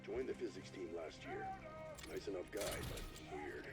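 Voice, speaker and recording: A man's voice: low voice, lively intonation, moderate pace, soft background music. A man voicing a game character with an offhand, wry delivery.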